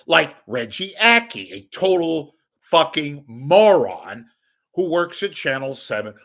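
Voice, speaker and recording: A man's voice: medium pitch, fairly bright tone. A man delivering an angry, profane ranting monologue as a local media commentator.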